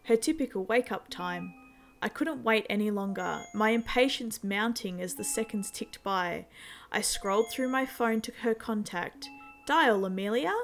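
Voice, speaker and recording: A woman narrating a first-person suspense story in a tense, steady way, with faint music behind her. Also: mid-range voice, moderate pace. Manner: tense, steady storytelling with sudden shouted outbursts.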